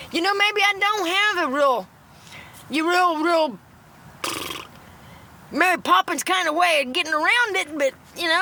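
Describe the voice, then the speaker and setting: A middle-aged woman rants into her phone with a high, bright, sharp voice. She talks bluntly and rambles, swearing freely. Faint background noise sits under the recording. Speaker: TikTok livestreamer. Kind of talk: ranting casual monologue.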